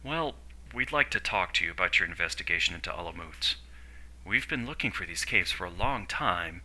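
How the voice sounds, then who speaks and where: A man's voice: low voice, lively intonation, brisk, sharp tone, exaggerated voice, low-quality recording. A man voicing an older woman who leads a team, speaking with cool disdain. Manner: disdainful, dry.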